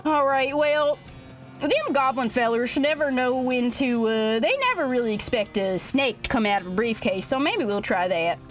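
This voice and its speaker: A woman's voice: high voice, animated, moderate pace. A young woman streaming a game, reading its text aloud and chatting in a hammy, folksy put-on cowboy drawl. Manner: reads game text aloud, laughs often. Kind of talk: playful let's-play commentary. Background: faint game music.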